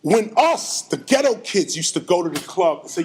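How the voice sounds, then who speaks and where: Middle-aged man, very high voice, lively storytelling lecture, faint noise behind. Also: moderate pace. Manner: animated, acts out sounds and quotes. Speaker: hip hop lecturer.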